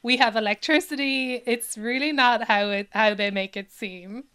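A woman's voice: fairly high pitch, moderate pace, bright, forceful tone, clean tone. A woman from Ireland with an Irish accent, a contestant chatting with amusement. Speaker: quiz contestant. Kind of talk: casual chat.

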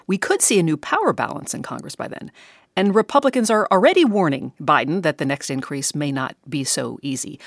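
A woman with a notably low voice hosts a news interview, reading her setups and putting questions in a crisp, composed way. The sound is dry and close to the microphone. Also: dry recording. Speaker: news host.

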